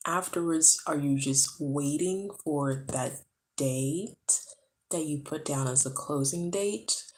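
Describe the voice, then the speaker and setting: Low-voiced woman chatting quietly at home. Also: poor audio. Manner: chatty, talks low so a sleeping baby is not woken. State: tired from being awake too long. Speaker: vlogger. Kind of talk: casual chat to camera. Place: home, indoors. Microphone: camera close up.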